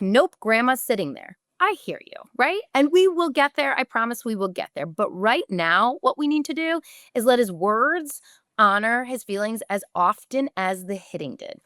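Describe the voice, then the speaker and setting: A woman's voice: a little high, very animated, moderate pace, a bit bright, no echo, studio quality. A woman, a podcast host giving direct, emphatic parenting advice and briefly acting out what parents and children say.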